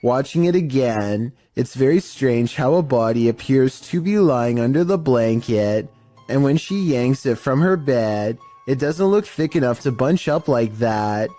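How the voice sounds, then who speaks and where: Mellow-voiced man narrating eerie clips. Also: medium pitch, lively intonation, faint music behind. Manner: measured, mildly spooky storytelling. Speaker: narrator of a paranormal clip compilation. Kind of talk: scripted narration.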